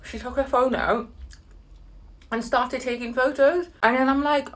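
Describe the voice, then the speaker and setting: A woman telling an animated, exasperated story while eating, with sudden high-pitched outbursts and soft murmurs over her food. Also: unhurried, pauses often. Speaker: vlogger.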